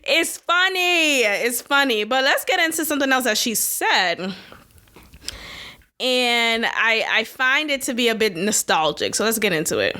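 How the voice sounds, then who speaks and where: A woman's voice: a little high, very animated, normal speed, sharp tone. A woman hosting a video commentary, giving blunt, frank opinions in a casual way and often laughing.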